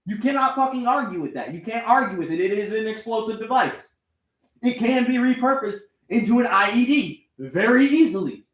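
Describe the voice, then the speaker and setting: A man's voice: high voice, lively intonation, normal speed, a bit bright, reverberant. A man ranting angrily and sarcastically at a motorbike engine that won't start, swearing constantly and a bit out of breath. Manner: angry, profane, sarcastic rant at an engine. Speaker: vlogger working on a motorbike. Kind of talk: ranting to the camera while wrenching.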